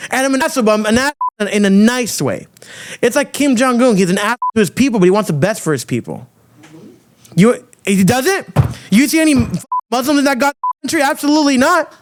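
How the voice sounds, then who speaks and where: A man hosting a podcast, delivering a loud, crude, provocative rant full of swearing. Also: high-pitched, slight background noise. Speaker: podcast host. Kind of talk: ranting monologue.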